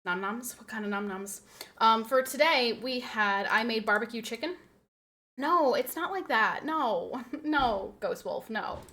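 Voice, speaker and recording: A woman's voice: on the high side, unhurried, a bit bright. A woman streamer chatting casually with her viewers, rambling and laughing often as she reads and answers chat.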